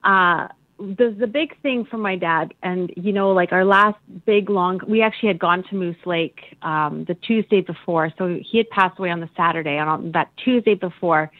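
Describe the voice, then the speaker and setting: A woman remembering her father in an interview, candid and animated, a little choked up. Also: on the low side, moderate pace, no room sound. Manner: animated, candid, laughing often. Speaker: daughter. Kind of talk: emotional interview. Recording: dry phone-like line.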